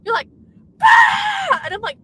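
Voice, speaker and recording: A woman co-hosting a casual livestream from a car, animated and loud when she gets passionate. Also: sits high, moderate pace, a little hiss or hum, rough recording. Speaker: livestream co-host. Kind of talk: casual chat.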